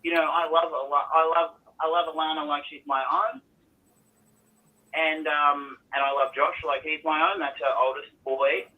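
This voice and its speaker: A man's voice: a little high, level tone, moderate pace. A man calling into a talk show, rambling about his home life with many restarts. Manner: rambling, restarts, quotes others in put-on voices. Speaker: caller. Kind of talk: phone-in call, personal story. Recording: tinny phone line.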